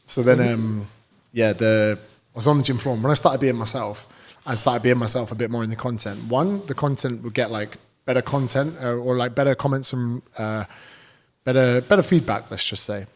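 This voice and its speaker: In a laid-back podcast chat, a man who works as a fitness coach trades stories with the host in a blunt, profane style. He speaks at a moderate pace, with a voice pitched about average for a man.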